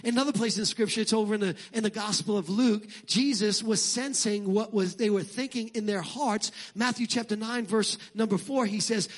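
A middle-aged man preaching a sermon as pastor, animated and joking, shouting at times. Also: sits high, a little fast, hardly any pauses.

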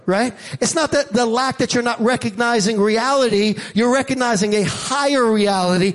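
A male pastor delivering a sermon with emphatic, rhythmic preaching. His voice sits very high for a man. He keeps calling out to the congregation to answer back. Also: fairly quick, hardly any pauses.

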